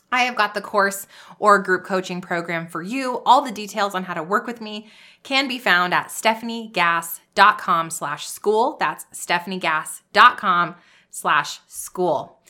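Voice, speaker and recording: A woman's voice: mid-range voice, pushed and bright. A woman hosting a podcast, giving an upbeat pep-talk style coaching monologue. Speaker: podcast host and business coach.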